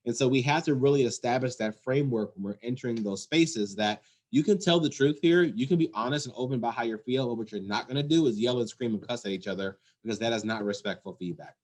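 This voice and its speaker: A man's voice: mid-range voice, fast talker, few pauses, darkish tone. A man who runs an emergency call center, giving an earnest, emphatic leadership talk and repeating his key points. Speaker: 911 center executive director.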